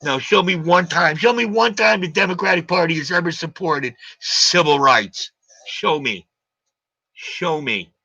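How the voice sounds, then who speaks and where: A man's voice: high-pitched, moderate pace, hardly any pauses, pushed and bright, dry recording. A man hosting a live stream, ranting combatively in a heated argument and hammering his points with repeated questions. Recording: dull lo-fi stream audio.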